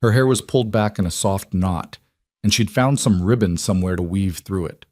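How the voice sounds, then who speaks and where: Male storyteller, low voice, calm measured narration, dry close sound. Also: no echo.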